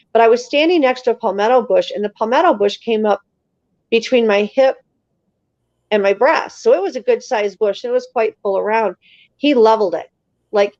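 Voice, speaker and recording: An animated woman guest recounts a tense story in a casual, emphatic way, often slipping into the voices of those involved. Her voice sits at an ordinary middle pitch. The audio is dull and lo-fi with a dry, close sound. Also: no echo. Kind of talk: casual spoken storytelling on a live show.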